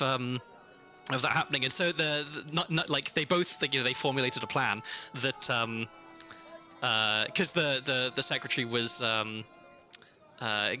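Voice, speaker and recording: A man's voice: mid-range voice, bright, forceful tone. A young man with a South Welsh accent, chatting casually and telling rambling stories while streaming a game. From South Wales. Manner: rambling, self-interrupting storyteller.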